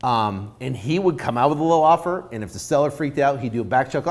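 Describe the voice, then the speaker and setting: A man's voice: medium pitch, fast. A man giving informal coaching on real estate deals, acting out both sides of a negotiation. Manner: animated, acts out both sides of a deal.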